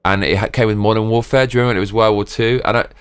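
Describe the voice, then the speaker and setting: A man's voice: on the low side, fairly even intonation, very fast, clear, resonant tone, dry recording, soft background music. A man streaming a game, talking casually to his chat while drunk, rambling and swearing.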